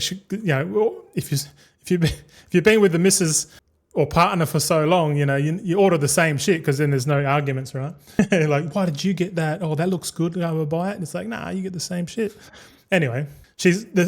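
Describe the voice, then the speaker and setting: A young man tells a long story in a loose, casual way. His voice sits a little higher than most men's. He stumbles over his words, repeats himself and swears freely. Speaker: streamer.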